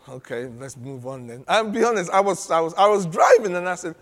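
A man preaching a sermon, animated and humorous, often laughing as he teaches. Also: high-pitched, normal speed. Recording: long reverb of a large hall.

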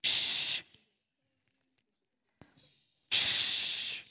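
A man's voice: very slow, sharp tone, heavily acted. A man playing a pompous male serpent poet and playwright, performing a comic character in a church hall. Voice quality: pompous, hissing shushes. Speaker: children's church entertainer. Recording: echoey hall.

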